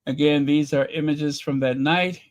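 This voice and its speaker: A man hosting a casual livestream, chatting with viewers in a mocking, rambling way full of pauses and fillers. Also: on the high side, steady tone. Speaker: channel host reading super chats.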